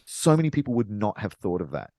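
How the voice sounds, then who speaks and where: A man's voice: on the low side, very animated, fast, dark tone, no room sound. A man co-hosting a podcast, chatting about films and building long, emphatic arguments. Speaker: podcast co-host. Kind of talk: casual film chat.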